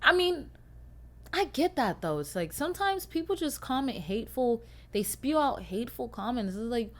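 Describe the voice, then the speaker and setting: Young woman, podcast host, casual solo chat, swears a lot, animated, loud to soft. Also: fairly high pitch, normal speed. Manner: animated, swings from loud rants to quiet mumbles; swears freely.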